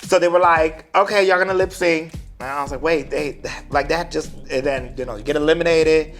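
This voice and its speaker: Sassy, animated man telling stories. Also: a little high, a little fast, soft background music. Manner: sassy, animated, slangy storytelling. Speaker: drag performer. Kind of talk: casual interview chat.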